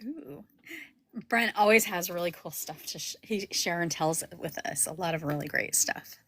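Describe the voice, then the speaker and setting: A woman's voice: fairly low pitch, normal speed, a bit bright, slight background noise, poor audio. A woman hosting a book club livestream, talking casually and rambling with many fillers and restarts.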